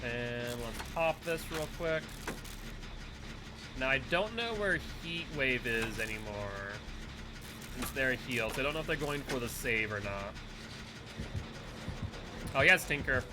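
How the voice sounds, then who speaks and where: A man's voice: mid-range voice, lively intonation, a little slow, long pauses, noisy background. A man giving casual running commentary while playing a game live and chatting with viewers and teammates. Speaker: streamer.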